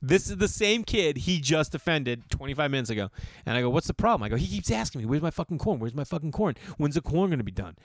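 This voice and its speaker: A man, a comedian, telling a long casual story in a profane, animated way and acting out the people he quotes. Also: a little high, quick pace, dry recording.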